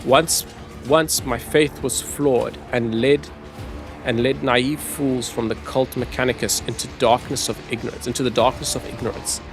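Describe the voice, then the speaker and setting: A man voicing a menacing, haughty male renegade tech-priest lord, reading the lines aloud with a gravelly voice. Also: mid-range voice, steady tone, moderate pace, over music, close to an everyday voice. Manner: threatening, haughty, read aloud.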